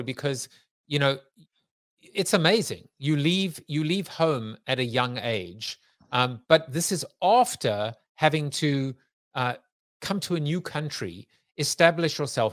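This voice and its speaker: A man's voice: fairly high pitch, expressive, unhurried, a bit bright, no room sound, studio quality. A man from South Africa hosting a casual interview, chatty and jokey, with many hesitant fillers. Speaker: podcast host.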